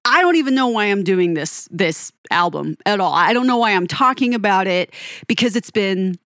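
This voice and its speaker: A woman's voice: mid-range voice, animated, normal speed, a bit bright, no echo, clean studio sound. Dramatic storytelling woman host. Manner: dramatic, second-person storytelling with laughs. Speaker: music podcast host. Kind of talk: storytelling commentary.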